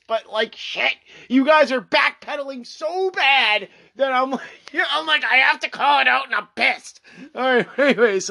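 A vlogger reacting to a news story, sliding between deadpan reading and sarcastic outbursts. The voice swings widely in pitch, mocking words by repeating them and cursing freely. The delivery sits in a mid register and is neither high nor low. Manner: sarcastic, exasperated, swears often, mocking repetition; jumps between flat reading and loud outbursts. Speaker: commentator reacting to a news article. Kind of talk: reading an article aloud with ranting commentary.

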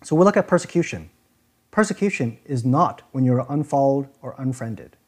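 A man's voice: mid-range voice, lively intonation, normal speed, darkish tone. Man, preacher, earnest explanatory sermon, repeats for emphasis. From Chinese community.

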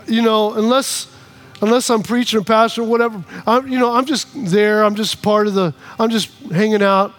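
A man preaching a sermon to a congregation, animated and repetitive, acting out both sides of his stories. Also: very high-pitched. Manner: animated, repeats phrases, acts out both sides of arguments. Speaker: pastor. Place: church in front of a congregation.

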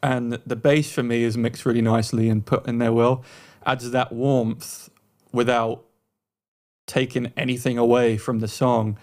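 A man co-hosting a songwriting podcast, giving warm praise of a track in a casual chat, often restarting his sentences. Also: mid-range voice, flat delivery. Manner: warm praise, halting starts and repeated words. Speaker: podcast co-host. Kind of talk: casual chat reviewing songs.

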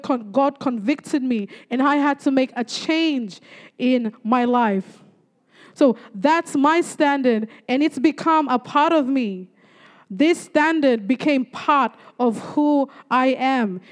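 A woman with a notably high voice shares a personal testimony as a sermon. She speaks earnestly, often stretching her words out slowly. Her talk is punctuated by frequent praise interjections. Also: darkish tone. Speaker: church speaker giving a testimony.

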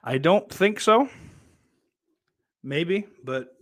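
A man's voice: sits high, lively intonation, very slow, a bit bright, no room sound. A man hosting a livestream who swears freely, rambles in a casual way and reads viewer comments aloud. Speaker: livestream host reading chat. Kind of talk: casual chat. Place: indoors, at home.

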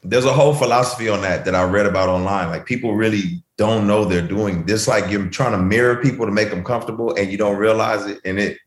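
Male guest, relaxed and slangy, lower pitch, echoey room sound. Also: fast talker, hardly any pauses. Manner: reflective, easygoing, slangy. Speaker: guest artist. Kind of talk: casual chat. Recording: roomy echo.

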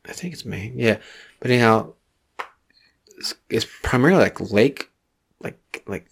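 A man's voice: medium pitch, expressive, measured pace, gravelly, slightly rough. A man from New Jersey co-hosting a podcast in loose, profane banter, often slipping into comic bits. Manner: profane, riffs into bits playing cops. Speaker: podcast co-host. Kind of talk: casual comedic banter.

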